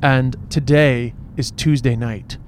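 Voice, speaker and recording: Taking his time, the Irish co-host speaks in a medium pitch with fairly even intonation. It's a casual podcast chat recorded in a moving car against traffic and train noise, and he keeps restarting his loose phrases.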